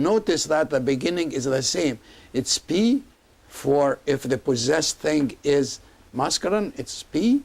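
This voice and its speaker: Slow, patient man teaching a language. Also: fairly high pitch, animated, gravelly. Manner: slow, patient, repeats and spells out sounds. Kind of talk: recorded language lesson.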